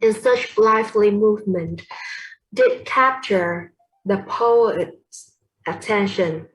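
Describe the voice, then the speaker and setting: Slow, hesitant young woman presenting. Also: medium pitch, poor audio. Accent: Vietnamese. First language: Vietnamese. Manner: hesitant, many fillers and self-corrections. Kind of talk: class presentation on poetry.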